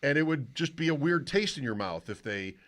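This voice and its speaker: A man's voice: a little high, expressive, brisk, fairly bright tone. A man hosting a sports radio show, talking casually in a rambling, self-interrupting way from the studio.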